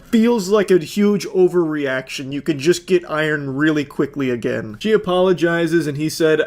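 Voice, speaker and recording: A man in his thirties giving sarcastic, profane, deadpan commentary while reading text messages aloud. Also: a little high, normal speed, hardly any pauses. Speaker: commentary host.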